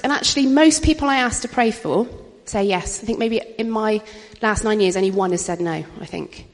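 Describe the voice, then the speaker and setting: A woman's voice: medium pitch, a little fast, few pauses. A middle-aged woman giving an informal testimony talk at a church gathering, chatty and anecdotal, with frequent laughter. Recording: reverberant hall.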